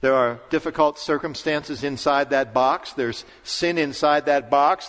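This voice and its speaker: Man preaching in a reverberant church. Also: a little high. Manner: earnest, pausing for emphasis. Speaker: pastor. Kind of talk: sermon. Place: church sanctuary.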